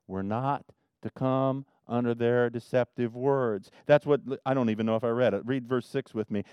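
A man preaching a sermon as pastor, swinging from loud emphasis to quiet asides. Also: mid-range voice, lively intonation, moderate pace, clear, resonant tone, no room sound, clean studio sound.

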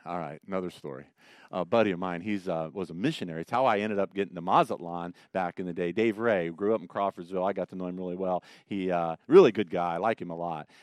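A man's voice: low-pitched, quick pace, no echo. A man teaching a Bible study in a folksy, joking way, telling stories between verses. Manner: folksy storytelling with lively jokes. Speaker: pastor leading a Bible study.

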